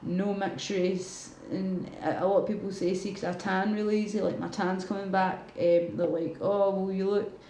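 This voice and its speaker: A woman with a Glaswegian accent talks casually on a livestream, rambling from one thought to the next and answering her viewers' comments. Her voice sits at a middling pitch and sounds roomy and echoey. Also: little pitch movement, moderate pace, vocal fry, few pauses, mellow, a little hiss or hum. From Scotland.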